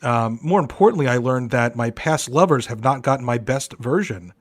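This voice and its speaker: A man's voice: mid-range voice, lively intonation, moderate pace. A man hosting a casual comedy podcast, crude and joking in a mock-serious way. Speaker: podcast host.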